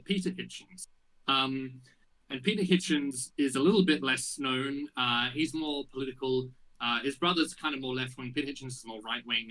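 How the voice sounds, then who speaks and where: Bright-voiced man telling a lively story. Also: medium pitch, rough recording. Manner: animated storytelling with many fillers. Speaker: podcast co-host. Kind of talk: casual chat.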